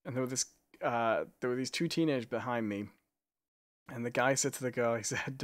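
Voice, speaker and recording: A man's voice: medium pitch, fairly quick. A man co-hosting a casual live chat. He tells stories and adds dry remarks in short replies. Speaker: co-host.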